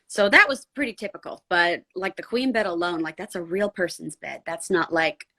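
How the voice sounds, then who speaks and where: A woman's voice: fairly low pitch, normal speed, pushed and bright. Chatty san diego woman on a podcast, says like a lot, easygoing. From San Diego, USA. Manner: chatty, many "like" fillers. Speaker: voice actor guest. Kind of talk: casual podcast chat.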